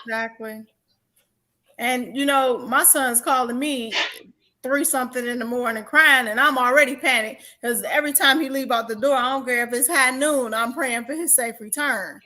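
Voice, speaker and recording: A middle-aged woman co-hosting a casual chat, telling a story in an animated, emphatic way. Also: sits high, moderate pace. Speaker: podcast co-host.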